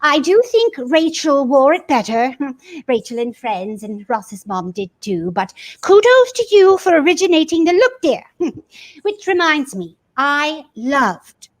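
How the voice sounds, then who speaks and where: A woman's voice: high-pitched, very animated, measured pace. A woman playing a sweet but sly fairy godmother in an improv comedy battle, calling her rival dear and slipping in backhanded compliments. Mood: sugary. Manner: sugary, backhanded, calls people dear.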